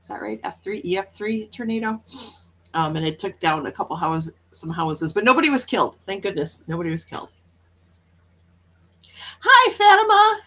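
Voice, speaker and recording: A woman from Wisconsin hosts a casual morning livestream, reading her chat and talking upbeat with viewers while laughing often. Her voice is lowish and fairly bright in tone, and she speaks fairly quickly.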